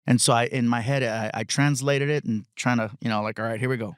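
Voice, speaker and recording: A middle-aged man, a comedian guest on a podcast, telling stories in relaxed chat and slipping into voices of the people he describes. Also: mid-range voice, a little fast, smooth, no echo, studio quality. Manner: storytelling, many fillers and restarts, mimics other people. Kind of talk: casual interview chat.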